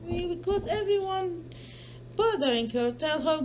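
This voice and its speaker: A woman with a fairly high voice reads a picture book aloud to her child, slowly and patiently. She pauses often to coax answers out of the child, speaking simple non-native English. Her pitch swings widely as she acts out the story, with a faint hiss in the background. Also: lively intonation. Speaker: parent reading to a child.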